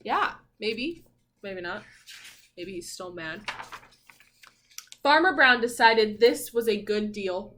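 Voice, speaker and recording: A woman teacher reading a picture book aloud to children, gently explaining words and asking them questions. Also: mid-range voice, expressive, slow pace, pauses often, a little hiss or hum.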